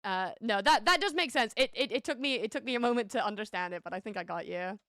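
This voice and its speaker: A woman with a Northern English accent chats loosely with her viewers on a live stream, often stumbling over her words and laughing. Her middle-pitched voice sits close to the mic in a dry, dead room. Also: expressive, fast talker, a bit bright, no room sound. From Northern England. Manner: chatty, laughs often, stammering restarts. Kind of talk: casual chat with viewers.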